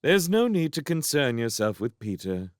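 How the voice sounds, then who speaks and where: A man voicing a brisk, efficient, bossy witch and mother in a storybook reading. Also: mid-range voice, sing-song, dry recording, clean studio sound, pitched above the performer's own voice, lightly acted.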